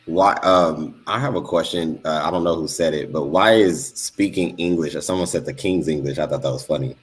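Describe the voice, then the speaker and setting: A man's voice: rumbling low, a little fast. A man from Los Angeles on a podcast, asking questions hesitantly, with fillers and restarts. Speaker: podcast co-host. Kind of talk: casual discussion.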